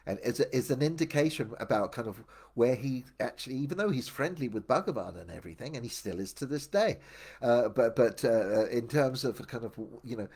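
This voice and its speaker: A man's voice: medium pitch, darkish tone. An older man telling his own life story in a casual, meandering and reflective way, often restarting his sentences. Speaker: memoir storyteller. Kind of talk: casual first-person storytelling.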